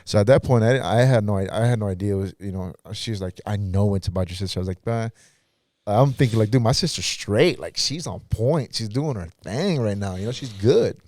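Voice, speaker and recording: A man's voice: on the low side, animated, a little fast, a little mellow, no room sound, clean studio sound. A pastor guest in a podcast interview, telling his own story in a casual, earnest way and acting out what others said.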